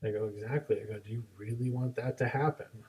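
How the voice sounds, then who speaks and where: A man's voice: fairly low pitch, fast, distant mic, poor audio. A young man, a martial arts instructor co-hosting a podcast, telling classroom stories and acting out both sides of each exchange. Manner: animated storyteller, acts out both sides of dialogues. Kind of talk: casual chat.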